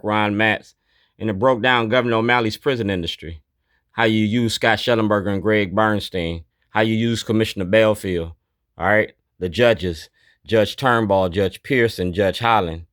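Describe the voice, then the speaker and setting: A man with a fairly low voice talks bluntly and declaratively, naming each item he points at. The sound is dry and close, with almost no room around it. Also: a bit bright, no echo. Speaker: activist. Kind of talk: narrated documentary walkthrough.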